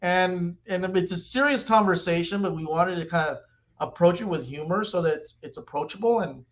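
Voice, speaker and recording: Man, fifties, fairly high voice, animated, executive guest, podcast interview. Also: normal speed. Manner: animated storyteller, pitchy.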